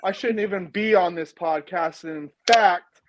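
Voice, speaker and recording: A man's voice: sits high, unhurried. A man guesting on a podcast, wisecracking crudely. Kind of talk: casual sports chat.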